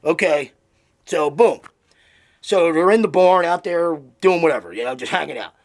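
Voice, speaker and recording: Creaky-voiced man telling a dirty joke. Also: fairly high pitch, expressive, normal speed. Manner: rambling, chatty, with fillers. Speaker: comedian.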